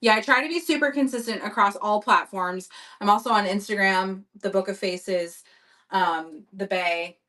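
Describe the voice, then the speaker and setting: At normal speed, a woman's mid-range voice sounds pushed and bright, captured from a distance. Hosting a live-selling stream, she keeps the chat casual and upbeat while describing vintage items to buyers.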